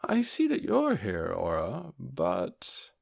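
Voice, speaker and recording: A man voicing a calm, measured undead male overlord in an audiobook. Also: fairly low pitch, gravelly, exaggerated voice. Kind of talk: audiobook character voice.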